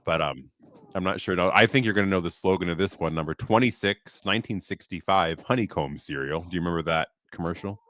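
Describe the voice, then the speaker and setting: Man, thirties, casual podcast co-host, very deep voice, dry recording, laughs a lot. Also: quick pace, a bit bright, no echo. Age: 30s. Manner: reads list entries aloud, laughs often. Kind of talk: casual chat.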